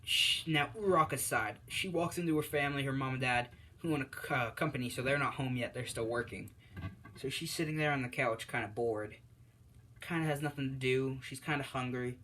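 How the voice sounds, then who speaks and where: A man's voice: medium pitch, fairly quick, bright, forceful tone, rough recording. Rambling man telling a fan story. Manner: rambling, many fillers and self-corrections. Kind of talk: casual spoken fan-story narration.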